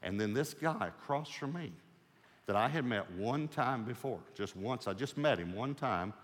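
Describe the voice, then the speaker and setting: A man's voice: medium pitch, expressive, moderate pace. A man preaching a sermon as a pastor, telling a personal story in a conversational, humorous way. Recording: long reverb of a large hall.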